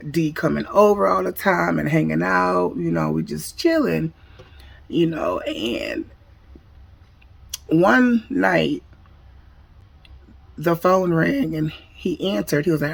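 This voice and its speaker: Woman spilling a storytime, super gravelly voice, kinda husky, talks right to y'all. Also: on the low side, expressive, measured pace. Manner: slangy, addresses the viewers directly. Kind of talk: casual storytime chat.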